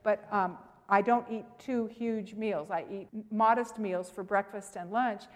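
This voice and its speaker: A woman presenting a health seminar, teaching with personal stories in an emphatic, animated way and speaking straight to the audience. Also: medium pitch, a little slow, big-room sound.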